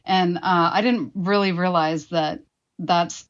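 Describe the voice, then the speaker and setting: A woman's voice: fairly low pitch, fairly even intonation, slow pace, highs cut off. A woman in her forties, a guest telling her own story frankly and with swearing, acting out her past remarks. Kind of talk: candid personal storytelling.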